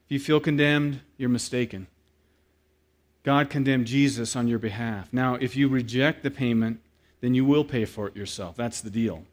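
A man preaching a sermon, telling a story with lively acted-out quotes and then speaking quietly and earnestly to the congregation. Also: medium pitch, moderate pace. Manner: animated storyteller who acts out quoted voices, then turns quiet and earnest. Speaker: pastor.

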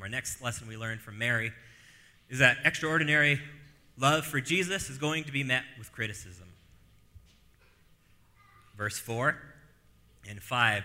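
A man's voice: medium pitch, pushed and bright, long reverb tail. A man preaching a sermon, emphatic and rhetorical, repeating phrases for stress.

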